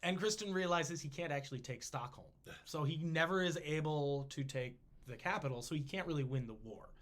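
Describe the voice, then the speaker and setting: A man hosting a casual history podcast, telling the story in an animated, jokey way. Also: on the high side, a little fast. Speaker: podcast host.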